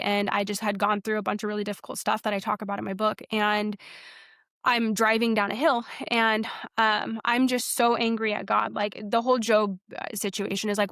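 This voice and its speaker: This is a young woman recounting her spiritual story as a podcast guest. She speaks earnestly and loosely, with plenty of fillers and restarts. Her voice sits at an ordinary middle pitch and sounds dry and close, with no room around it. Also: a bit bright, no room sound. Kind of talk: personal testimony in a casual interview.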